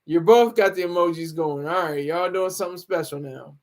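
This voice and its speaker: A man's voice: a little high, a little fast. A man hosting a casual livestream, joking, laughing often and reading viewer comments aloud. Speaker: livestream host.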